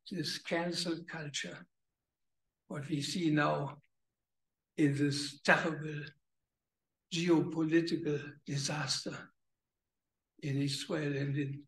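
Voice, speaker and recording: Older German man, slow gravelly speech. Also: on the high side, roomy sound, low-quality recording. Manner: halting, searching for English words. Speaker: guest speaker. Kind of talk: conference welcome speech. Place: conference villa hall.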